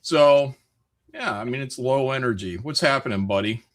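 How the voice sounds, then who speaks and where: A man's voice: mid-range voice, normal speed. A man hosting a casual livestream chat, rambling loosely and telling stories with lots of restarts. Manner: loose, rambling, animated storytelling. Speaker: stream host.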